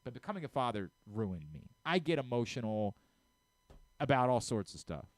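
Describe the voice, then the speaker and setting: A middle-aged sports radio host talks in an earnest, heartfelt way, tripping over his words and starting sentences again as feelings catch up with him. His voice sits at an ordinary male pitch. The studio sound is close and dry, with no room echo. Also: very animated, normal speed. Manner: earnest, openly emotional, frequent stammered restarts. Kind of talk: sports talk radio monologue.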